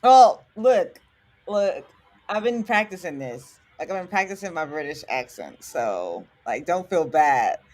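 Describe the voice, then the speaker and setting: An American woman co-hosting a livestream in casual chat, animated and quick to laugh. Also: lowish voice. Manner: laughs often, animated and chatty. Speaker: livestream co-host.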